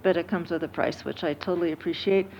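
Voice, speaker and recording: Woman, board member, earnest, measured, public meeting, dull lo-fi sound. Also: on the low side, fairly even intonation, slight background noise.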